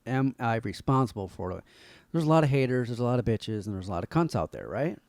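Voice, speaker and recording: A man's voice: medium pitch, very animated, quick pace, darkish tone, no room sound. A man co-hosting a podcast in casual chat, rambling and hedging, with frequent swearing. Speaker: podcast co-host.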